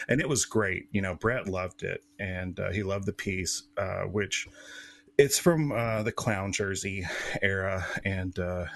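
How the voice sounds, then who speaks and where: A man's voice: low voice, a bit bright. A man who is a guest co-host on a podcast, telling stories in a casual, rambling way with lots of fillers. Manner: rambling storyteller, many fillers.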